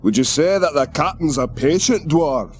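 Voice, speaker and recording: An actor playing a young orc hero who makes dry, matter-of-fact remarks in an adventure game. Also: male voice, on the high side, expressive, moderate pace, soft background music, natural voice. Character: young male orc hero in disguise, steady. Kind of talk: 1990s adventure game voice acting.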